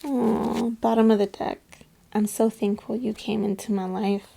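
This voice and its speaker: A woman giving a relaxed, chatty tarot reading to her viewers. Her voice sits a little high but sounds mellow and warm, with a gravelly fry running through it. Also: unhurried. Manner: chatty, addresses viewers as "my loves" and "you guys". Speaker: tarot reader.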